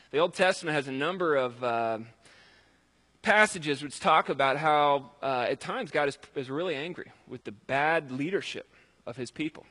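Conversational male preacher, slightly high voice. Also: pushed and bright. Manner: conversational, emphatic, with fillers. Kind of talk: sermon.

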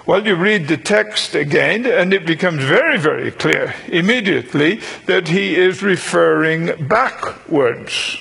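A man preaching a sermon, teaching slowly and deliberately, repeating key phrases for emphasis and slipping in dry humor. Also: a little high, animated, gravelly, a bit bright, breathy edge.

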